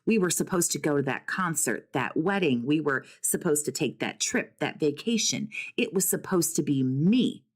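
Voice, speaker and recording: A woman's voice: low voice, lively intonation, normal speed, few pauses, slightly rough. A woman speaking as a recovery coach about narcissistic abuse, blunt and profane, firing rhetorical questions and calling her listener "survivor.". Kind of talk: direct-to-camera talk.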